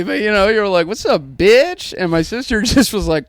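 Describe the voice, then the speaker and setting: Lively, laughing male comedian. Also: sits high, moderate pace, no room sound, clean studio sound. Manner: storytelling, laughing between lines. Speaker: comedian and podcast co-host. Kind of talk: casual comedy podcast banter.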